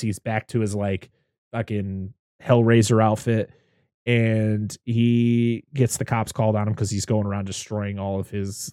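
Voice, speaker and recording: A man from Western Massachusetts casually recapping a movie, animated and swearing, often jumping into high voices to act out the characters. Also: no echo, clean studio sound.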